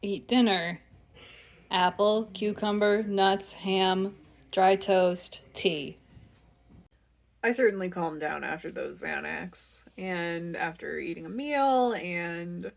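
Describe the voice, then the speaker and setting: A young woman talking candidly to her camera at home in a personal vlog, emotional and halting, at times tearful and out of breath. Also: fairly low pitch, gravelly. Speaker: vlogger. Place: home, kitchen and living room.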